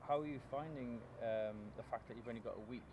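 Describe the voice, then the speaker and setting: A man's voice: medium pitch, quick pace, background noise. A man interviewer asking curious, probing questions.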